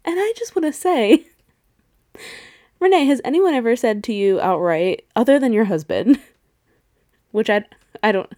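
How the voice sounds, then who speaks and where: A woman's voice: on the high side, animated, measured pace, pauses often, darkish tone, no room sound, studio quality. A woman in her thirties co-hosting a podcast, casually recapping a movie with frequent laughs, swearing and acted-out quotes. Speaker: podcast co-host. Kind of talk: casual movie rewatch chat.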